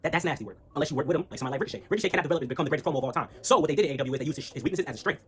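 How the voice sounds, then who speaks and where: Slangy guy ranting fast about wrestling, kinda high voice, lots of restarts, little hiss behind. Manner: fast, slangy, repeats words and restarts, gets loud and heated. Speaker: wrestling commentary vlogger. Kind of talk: casual opinion rant.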